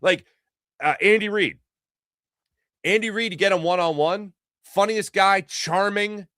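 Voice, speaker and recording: A man hosting a sports show, arguing his point in a fast, animated monologue full of rhetorical questions. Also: high-pitched, no echo, clean studio sound. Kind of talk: casual sports commentary monologue.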